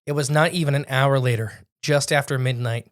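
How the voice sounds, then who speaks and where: A young man co-hosting a podcast tells a spooky tale in a casual, rambling way, often restarting and correcting himself. His mid-range voice holds a steady tone and moves a little fast.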